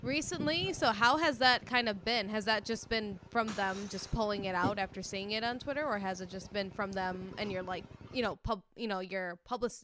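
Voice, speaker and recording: A woman's voice: medium pitch, moderate pace, hardly any pauses, background noise. A woman co-hosting a podcast, asking chatty questions and tripping over her words. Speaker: podcast co-host. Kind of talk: casual interview chat.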